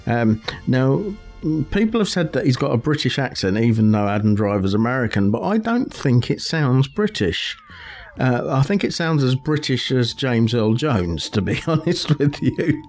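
A man's voice: medium pitch, big pitch swings, moderate pace, darkish tone, faint music behind. A man co-hosting a casual podcast chat, laughing often and explaining his points with examples. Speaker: podcast co-host.

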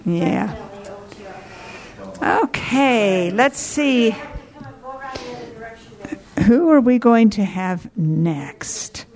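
Female emcee of a reading night, chatty, slow-paced. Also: mid-range voice, gravelly, darkish tone. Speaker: host of a reading evening.

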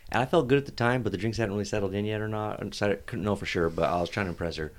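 A man's voice: lowish voice, racing, slight background noise. A man co-hosting a casual podcast, telling a long story with lots of laughter. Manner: animated storyteller, laughs often. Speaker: podcast co-host.

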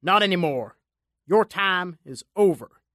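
A grim young giant fighter, voiced by a male narrator, growling his lines fiercely. The read is close and dry, pitched a little high for a man. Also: expressive, a little slow, a bit bright, no echo.

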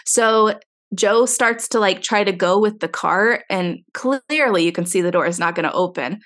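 A woman telling a casual story, animated, swearing freely and acting out the dialogue. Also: mid-range voice, moderate pace.

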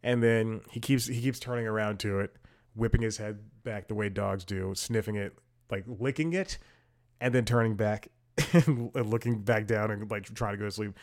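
Rambling, low-voiced male podcast host. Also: steady tone, normal speed. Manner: rambling, digressive, self-amused. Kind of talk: casual talk-show commentary.

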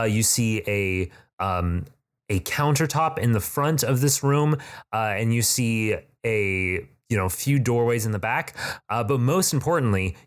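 A man narrating as game master of a tabletop game in rambling narration full of fillers. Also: mid-range voice.

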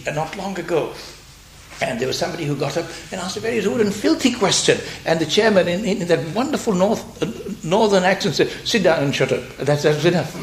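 Older man, slightly high voice, giving a meandering spiritual talk with stumbles and whispers, recorded in a reverberant hall. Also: a little hiss or hum. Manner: halting, repeats words, drops to near whispers. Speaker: speaker. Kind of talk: reflective spiritual lecture. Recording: roomy hall sound.

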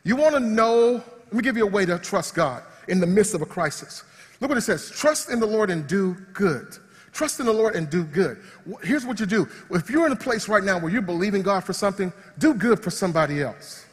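A man preaching a sermon as pastor, swinging between loud praise and hushed, quiet asides. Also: sits high, animated, fairly quick, breathy edge. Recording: long hall reverb.

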